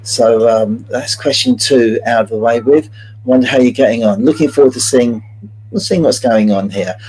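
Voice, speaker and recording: A man's voice: medium pitch, moderate pace, darkish tone, slight background noise, low-quality recording. Chatty man hosting a quiz. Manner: chatty and jokey, greets viewers by name. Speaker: quiz host. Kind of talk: hosting a live-streamed multiple-choice quiz.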